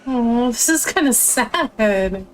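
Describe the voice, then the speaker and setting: A woman's voice: on the high side, animated, slow pace, soft background music. A woman streaming a game, chatting casually and getting emotional about the story. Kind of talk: casual chat.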